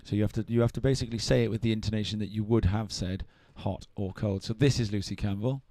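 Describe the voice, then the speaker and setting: Lowish voiced guy doing live surf commentary, chatty, bouncing questions off his cohost, dry sound. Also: fairly even intonation, mellow, no room sound. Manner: chatty, quick reactions, asks co-host questions.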